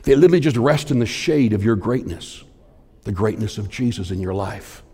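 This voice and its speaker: A man preaching a sermon, swinging between forceful emphasis and hushed near-whispers in a building, repetitive cadence. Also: on the low side, animated, brisk, breathy edge. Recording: long hall reverb.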